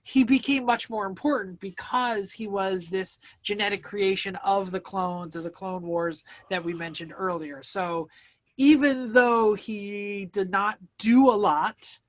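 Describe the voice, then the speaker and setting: A man's voice: high-pitched, unhurried. A man hosting a casual podcast chat, recapping a plot at length and stopping to explain the background. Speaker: podcast host.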